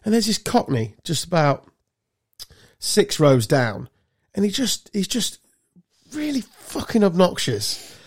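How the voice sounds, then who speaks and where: A man's voice: high-pitched, slow, husky. Sweary English podcast man. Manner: swearing storyteller, animated anecdotes. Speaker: podcast co-host. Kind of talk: casual chat.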